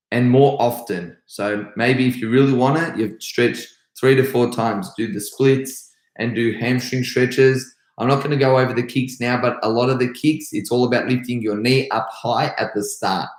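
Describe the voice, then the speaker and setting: A man's voice: mid-range voice, steady tone, measured pace. Brief: Australian male karate instructor on a live Q&A, upbeat and rambling, voice echoing around a bare room. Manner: upbeat, chatty, rambling with restarts. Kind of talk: live stream Q&A, reading comments.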